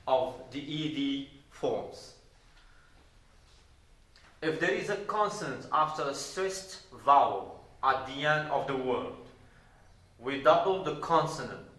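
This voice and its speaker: Guy from morocco teaching english grammar, real slow and careful, echoey room. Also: a little high, animated, fairly bright tone. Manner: deliberate, repeating words and spelling out endings. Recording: roomy echo.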